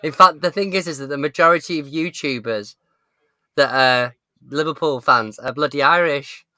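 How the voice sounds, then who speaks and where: A man's voice: a little high, moderate pace, bright, forceful tone, dry recording, studio quality. A man co-hosting a live stream chat, teasing the others and laughing between remarks. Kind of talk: casual chat.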